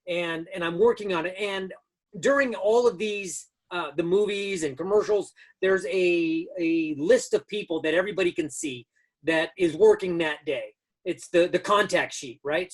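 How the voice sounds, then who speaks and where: Rambling man in his fifties. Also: high-pitched. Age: 50s. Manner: rambling anecdotes with many restarts. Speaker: guest, stunt rigger. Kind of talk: casual storytelling.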